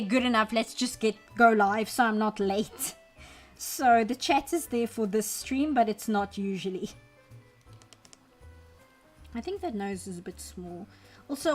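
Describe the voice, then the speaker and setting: Chatty woman streaming as she draws. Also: on the high side. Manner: chatty, wry, self-deprecating rambling; reads and answers chat messages. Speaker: art streamer. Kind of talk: casual chat while drawing on stream. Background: faint background music.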